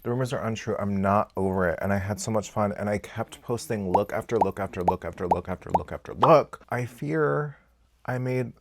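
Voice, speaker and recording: Casual beauty vlogger, male, lowish register, unfiltered and expressive, loud bursts then muttered asides. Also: a little fast. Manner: candid and expressive, swears freely, swings between loud outbursts and quiet asides. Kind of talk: casual get-ready-with-me chat.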